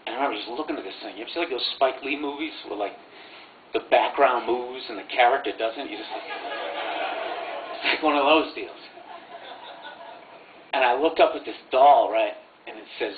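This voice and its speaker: A man's voice: medium pitch, fairly quick, slight background noise. A man in his thirties telling a personal story live, rambling and swearing, with lots of fillers, in a tinny, echoey recording from far off.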